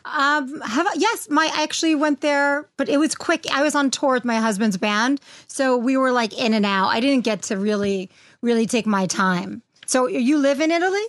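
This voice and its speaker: A woman's voice: high-pitched, normal speed. A woman co-hosting a video-call interview, speaking casually with frequent giggles. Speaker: co-host.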